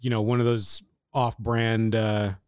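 A man co-hosting a casual podcast, rambling and swearing in halting sentences. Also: on the low side, level tone, darkish tone, clear, resonant tone, no echo, studio quality. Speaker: podcast co-host. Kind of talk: casual chat.

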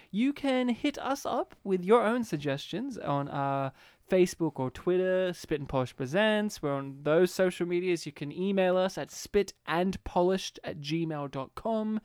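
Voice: mid-range voice, lively intonation, moderate pace, darkish tone, smooth, no echo, studio quality. A podcast co-host in a casual comedic chat, running off on rambling, absurd jokey tangents.

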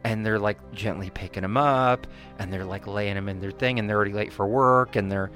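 A co-host rambles through casual podcast talk, a little fast, with a steady, slightly bright tone and faint music behind. Fillers and restarts abound, and she or he imitates quoted people using higher voices.

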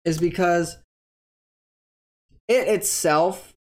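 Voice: medium pitch, drawn-out words, darkish tone. Chatty, rambling tabletop game creator. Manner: chatty, rambling, self-correcting, upbeat. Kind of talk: casual explainer on game monster stats.

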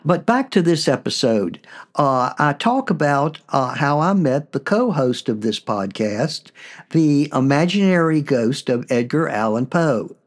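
A man hosting a podcast, narrating a personal story in a relaxed way with frequent fillers. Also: fairly high pitch, a little slow. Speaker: podcast host.

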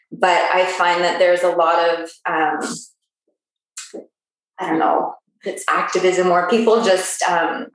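A woman from Canada asking a yoga teacher a long question over a video call. She speaks hesitantly, with many pauses and fillers. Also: lowish voice, heavy reverb, poor audio.

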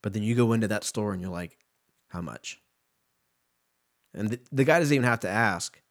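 Profane rambling man with lively pitch. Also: fast. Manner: loose, profane, jumps between tangents. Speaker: podcast host. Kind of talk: casual rambling monologue.

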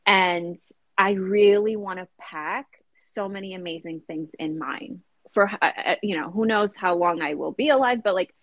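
A woman's voice: medium pitch, dry recording. Chatty woman with a dry sound. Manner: chatty, frequent fillers like "like" and "you know". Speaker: guest. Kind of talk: casual conversational interview.

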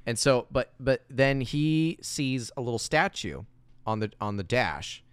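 A man in casual chat recapping a movie plot, animated and acting out scenes in exaggerated voices. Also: a little slow, smooth, dry recording. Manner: animated, acts out scenes with big high-pitched voices. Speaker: co-host.

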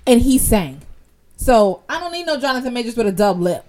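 A woman co-hosts a podcast in casual chat. Her pitch swings widely as she teases and talks over the others. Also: sing-song, brisk, a little mellow. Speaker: podcast co-host.

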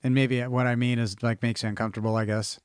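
A man's voice: mid-range voice, flat delivery, fast, clear, resonant tone, no room sound, clean studio sound. A man co-hosting a movie podcast in casual chat, loose and profane, rambling with enthusiasm. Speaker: podcast co-host.

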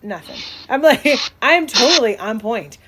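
A woman's voice: a little high, lively intonation, a little slow, fairly bright tone. A young woman co-hosting a podcast in casual chat, rambling with many fillers and restarts and laughing often. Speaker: podcast co-host.

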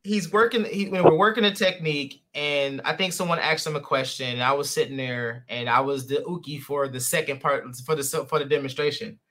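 A man hosts a relaxed podcast conversation in a bright, forward voice that sits a little high. He rambles through his stories, full of fillers and restarts. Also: brisk, few pauses. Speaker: podcast host. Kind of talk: casual interview chat.

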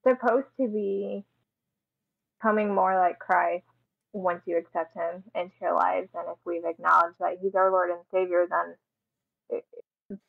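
A woman and author, a guest on a remote call, talking earnestly about faith in a soft, sincere way. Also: lowish voice, steady tone, unhurried, gravelly, long pauses, no echo, phone-quality sound. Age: adult with a daughter. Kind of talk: remote interview conversation. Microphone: headphones on a call.

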